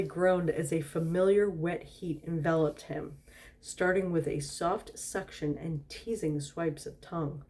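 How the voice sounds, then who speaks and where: A woman's voice: sits low, mellow. A tipsy woman doing a storytime reading, giggling and breaking off with asides and laughter.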